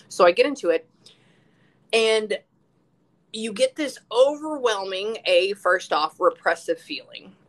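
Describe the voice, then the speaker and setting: On a relaxed live stream, this woman, a psychic medium, spins animated stories, cursing freely and performing the quotes. She has a lowish voice, and the audio is poor.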